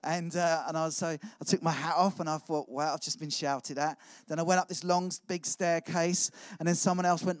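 A man's voice: a little high, steady tone, fairly quick, few pauses, clean tone, dry recording. A middle-aged man preaching a sermon, telling his own story in a chatty, self-mocking way. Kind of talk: sermon with personal testimony.

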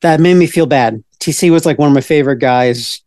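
Excitable, rambling man in his forties. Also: on the high side, fairly quick, no echo, studio quality. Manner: rambling, excitable storyteller with many restarts. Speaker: podcast co-host. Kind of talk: casual pop-culture chat.

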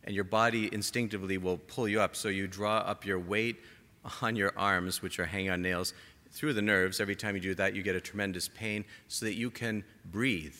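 A man preaching a sermon to a gathered congregation, impassioned, rising to emphatic peaks and dropping to soft, quiet lines. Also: lowish voice, fairly even intonation, a little fast. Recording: long hall reverb.

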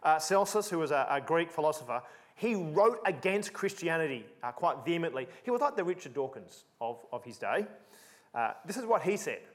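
Emphatic, lively male preacher. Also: a little high, fairly quick. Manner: emphatic, animated, repeats for emphasis. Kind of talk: sermon.

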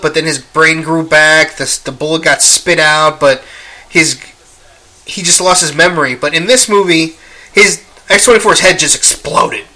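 Young male movie reviewer with a strikingly bright voice, loose and foul-mouthed, full of ums. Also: a little high. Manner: profane, rambling with many fillers. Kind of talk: casual spoken review.

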